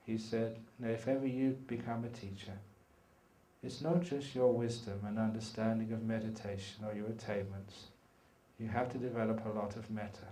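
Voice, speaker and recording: A middle-aged man giving a dharma talk at a meditation retreat, telling animated and humorous stories. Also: fairly low pitch, slight background noise. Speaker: meditation teacher. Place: retreat hall. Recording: echoey hall, from far off.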